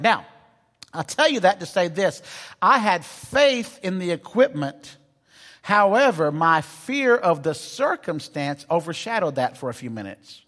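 A man's voice: fairly high pitch, a bit bright. A man preaching a sermon as a pastor, telling a personal story with self-deprecating humor before turning to scripture. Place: church sanctuary. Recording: long reverb of a large hall.

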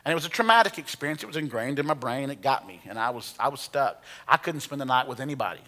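Bright-voiced preacher in a hall. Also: male voice, mid-range voice, expressive, fast. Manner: storytelling with humor, conversational. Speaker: pastor. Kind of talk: sermon.

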